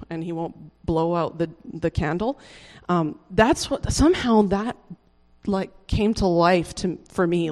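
The clip features a personal conversion story told casually and earnestly, with stops and restarts, plenty of "like," and quiet laughs. Pitched in the middle range, the voice has a big-room sound.

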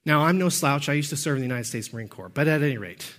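A man with a notably high voice delivers a sermon as pastor. He preaches emphatically, pushing up to shouts on key points, then slips into quick, conversational storytelling. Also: expressive.

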